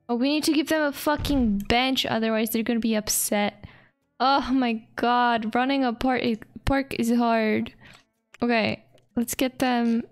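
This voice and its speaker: A young woman streaming a park-building game, excitable, swearing a lot and laughing often. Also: a little high. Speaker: vtuber streamer. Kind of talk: casual gameplay commentary.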